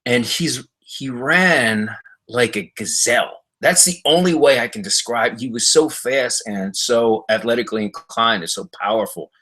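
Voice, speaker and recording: Viewers hear a middle-aged man in his home library, answering their comments on a livestream with a sharp tone. He tells stories casually but haltingly, rambling with lots of fillers, his voice rising high whenever he mimics someone.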